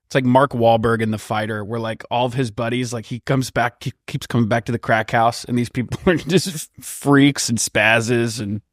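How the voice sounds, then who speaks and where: A man's voice: mid-range voice, steady tone, no room sound. A man with a mid-range voice trades jokes in casual podcast chat and swears freely. He has a slight cough. The recording is dry and close to the mic. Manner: quick jokey banter, swears. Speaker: podcast co-host.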